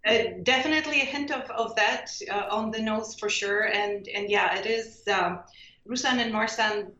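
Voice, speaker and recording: Brief: winery woman guest, steady and informative, roomy muffled line. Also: mid-range voice. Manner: measured, informative, frequent fillers. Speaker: winery representative. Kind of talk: radio interview guest.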